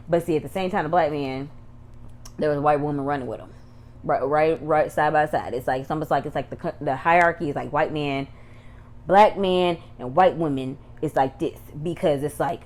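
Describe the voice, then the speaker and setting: A woman with a notably low voice gives a casual recap and review of a TV episode. She rambles, circles back, and lets her commentary turn heated. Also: a little mellow. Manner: chatty, rambling asides, grows heated. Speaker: YouTube TV reviewer.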